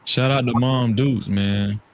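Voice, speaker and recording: A man with a mid-range voice talks casually on a podcast. He is relaxed and thoughtful, and he often restarts his sentences and leans on "you know" as he works through his ideas. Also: medium pitch, unhurried, a little hiss or hum. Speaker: podcast co-host. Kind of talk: casual chat. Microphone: studio microphone, podcast setup.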